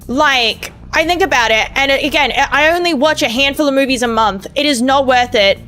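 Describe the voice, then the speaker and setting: Young female streamer, high-ish bright voice, loose profane rambling chat, light music under it. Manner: rambling, profane, self-mocking. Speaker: VTuber streamer. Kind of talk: casual gameplay stream chat.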